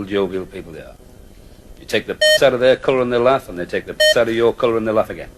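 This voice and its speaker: An older man telling comic anecdotes as an after-dinner speaker, a wry raconteur who chuckles at his own stories. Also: medium pitch. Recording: noisy live recording.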